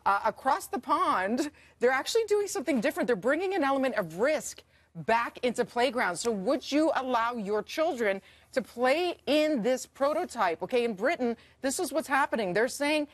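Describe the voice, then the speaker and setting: Woman, forties, co-host, playful chatty banter, higher voice, dry sound. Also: expressive, moderate pace, dry recording. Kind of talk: casual morning-show banter.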